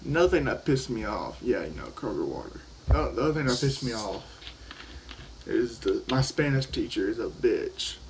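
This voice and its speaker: A man's voice: medium pitch, big pitch swings, moderate pace, slight background noise, rough recording. A teenage boy telling a story in a casual vlog, rambling and profane, often restarting his sentences. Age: teens. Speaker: vlogger. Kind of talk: casual storytelling while vaping.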